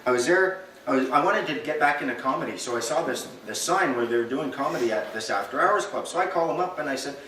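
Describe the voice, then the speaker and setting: A man giving a lecture to a live audience, animated and joking, acting out little dialogues as he goes. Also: medium pitch, fast, a little hiss or hum. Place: meeting room with an audience. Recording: echoey room, recorded from far off.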